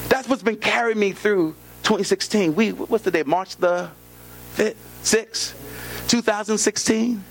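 A man's voice: high-pitched, a bit bright, a little hiss or hum. A male pastor preaching a sermon in an emphatic, repetitive call-and-response style, with features.

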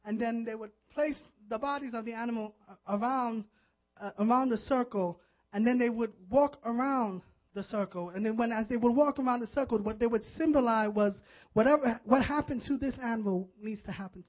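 Pastor guy with a really high voice, earnest fired-up sermon, muffled audio. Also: brisk. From Puerto Rican background. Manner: earnest, animated preaching that swells into fervent emotion. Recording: dull lo-fi audio.

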